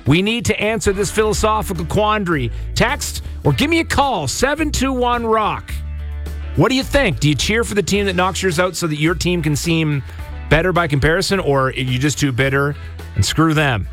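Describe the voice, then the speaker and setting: A male radio host doing drive-time talk on a rock station, chatty and energetic, throwing questions at listeners. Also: a little high, moderate pace, faint music behind. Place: radio studio.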